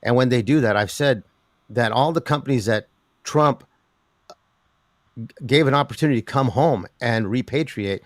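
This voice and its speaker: An older man, a guest in an interview talking about metals markets, who rambles with an animated delivery, many restarts and laughs. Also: mid-range voice, moderate pace, pauses often, dry recording. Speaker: precious metals commentator.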